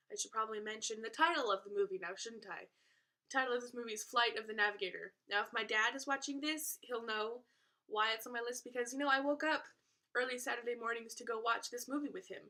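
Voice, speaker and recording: A woman's voice: on the high side, bright, forceful tone. A teenage girl chatting casually to camera as a vlogger, playful and self-aware with little asides. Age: teens.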